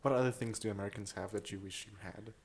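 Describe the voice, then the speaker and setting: A man's voice: fairly low pitch, fairly even intonation, fast, slightly rough. Young guy cohost, jokey and playful, casual podcast chat. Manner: jokey, slips into silly accents. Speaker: podcast co-host.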